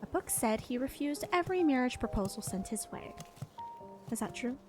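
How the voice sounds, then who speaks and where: A young woman streamer reading a game's story and dialogue aloud, soft and expressive. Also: high-pitched, moderate pace. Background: game music.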